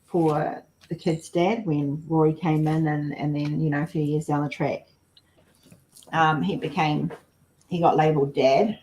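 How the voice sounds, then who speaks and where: A woman's voice: low voice, fairly even intonation, measured pace, darkish tone, a little hiss or hum, poor audio. A woman chatting frankly on a livestream and laughing easily. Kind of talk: casual livestream chat.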